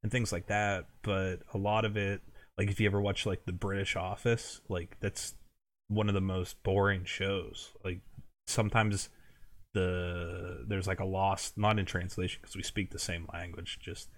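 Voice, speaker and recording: A man's voice: low-pitched, flat delivery, a little slow. An American man co-hosting a podcast, chatting casually and rambling with lots of filler words. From United States. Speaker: podcast co-host. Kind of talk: casual chat.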